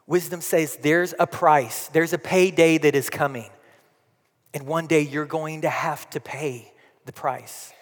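Man, pastor, sermon, high voice, dramatic swings from loud to hushed, long church reverb. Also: steady tone. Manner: dramatic, swings from forceful to hushed, slow emphatic repetition. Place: church sanctuary.

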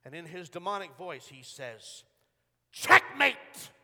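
A man preaches a sermon with a high, bright voice. He moves dramatically between hushed storytelling and loud, urgent peaks. A long reverb from the hall trails after his words. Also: animated, normal speed. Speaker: pastor.

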